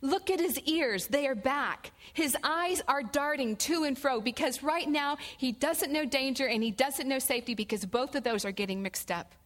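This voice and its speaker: Brief: middle-aged woman Bible study teacher, somewhat high voice, expressive and deliberate with scripture. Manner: expressive, slows down on scripture quotes.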